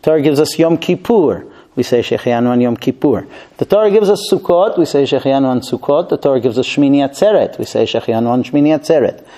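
Guy telling a torah class story, warm mellow voice, lots of uhs and restarts. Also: medium pitch, expressive, quick pace, rough recording. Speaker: Torah teacher.

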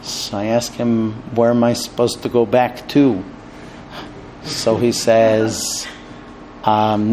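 A man's voice: on the low side, level tone, slow, pauses often, darkish tone, slight background noise. A man teaching a Torah class, earnest and conversational, telling a personal story. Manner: earnest, storytelling, with restarts and light laughs.

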